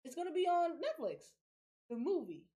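A young adult woman hosting a podcast in casual chat, animated and profane, laughing often. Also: extremely high pitch, moderate pace. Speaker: podcast host.

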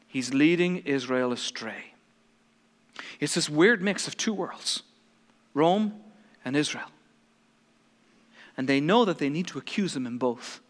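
A man's voice: fairly high pitch, very animated, unhurried, long pauses, big-room sound. A man preaching a sermon in a dramatic, emphatic way, acting out the quotes he reads.

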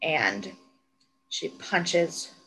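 A young woman co-hosting a podcast, retelling a TV episode in casual, animated chat with plenty of swearing. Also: low voice, very slow, a little hiss or hum, poor audio. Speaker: podcast co-host.

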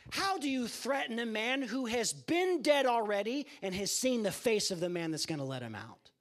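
A male preacher delivers a fervent sermon to a campus ministry group. His voice sits high and carries real urgency. He talks straight to the room, leaning on repetition. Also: sing-song, moderate pace. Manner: impassioned, addresses listeners as guys.

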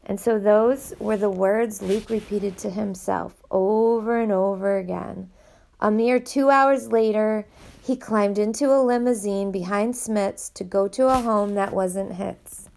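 A woman reading a novel aloud in an expressive, animated way. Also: mid-range voice, unhurried, creaky. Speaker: audiobook reader.

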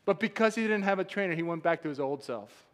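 A man preaching a sermon as a pastor, emphatic and rising to loud shouts. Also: high-pitched, lively intonation, quick pace. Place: church sanctuary. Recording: long hall reverb.

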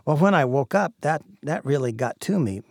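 An older man, a minister, telling his own story in an earnest, reflective way with halting restarts. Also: on the high side, expressive, gravelly, a little mellow, no room sound, clean studio sound. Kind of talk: personal testimony sermon.

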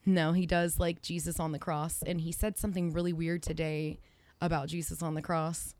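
A woman's voice: deep voice, little pitch movement, normal speed, a little mellow, no room sound. A woman co-hosting a casual podcast chat, telling stories and acting out quoted lines. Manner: chatty, storytelling with quoted asides. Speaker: podcast co-host.

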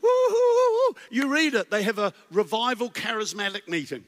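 A man preaching as a guest, animated and full of rhetorical questions and stammered restarts, in a church. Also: sits high, a little fast. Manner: animated, storytelling with acted voices. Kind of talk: sermon. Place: church sanctuary. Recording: long reverb in a large hall.

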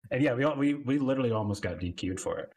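A man on a casual gaming podcast, telling a story at an even mid pitch. He fills his sentences with "like" and "um" as he goes. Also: racing. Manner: animated storytelling with fillers. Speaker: podcast co-host.

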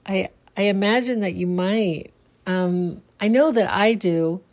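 A woman rambling casually on her own podcast late at night, sleepy and halting, restarting her sentences again and again. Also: mid-range voice, darkish tone. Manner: halting, many restarts and trailing fillers. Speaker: solo podcaster and small business owner. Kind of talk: casual solo podcast monologue.

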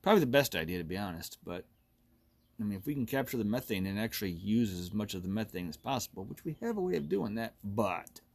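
A man's voice: on the low side, big pitch swings, fast, creaky, husky. A man in his forties hosting a solo podcast, ranting bluntly and with lots of profanity, often laughing at himself. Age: 40s. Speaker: podcast host.

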